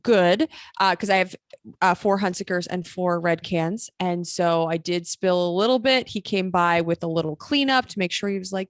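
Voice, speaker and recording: A woman's voice: fairly low pitch, moderate pace, no echo. A woman co-hosting a casual racing podcast, telling a chatty story and laughing easily. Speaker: podcast co-host. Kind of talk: casual chat.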